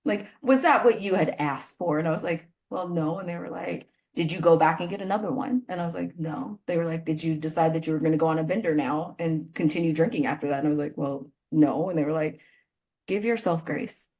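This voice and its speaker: A woman with a notably low voice hosts a casual podcast interview. She talks effusively and emotionally, with plenty of fillers and apologies. Her tone is conversational. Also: brisk, a little mellow. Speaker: podcast host.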